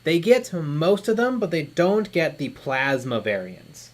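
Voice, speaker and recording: A man's voice: fairly high pitch, very animated, a little slow, slight background noise. A man co-hosting a live miniature-painting stream, chatting in an easygoing way and often murmuring agreement. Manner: easygoing, lots of agreeing "mm-hmm". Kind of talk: casual chat.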